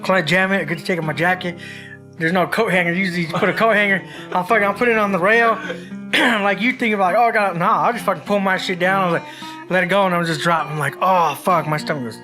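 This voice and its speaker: A man's voice: sits high, fast, pushed and bright, soft background music. A man co-hosting a casual podcast who tells crude stories in a rambling way, swearing freely and calling people "bro". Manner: laid-back rambling storyteller, says "bro" a lot, swears freely. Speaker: podcast co-host.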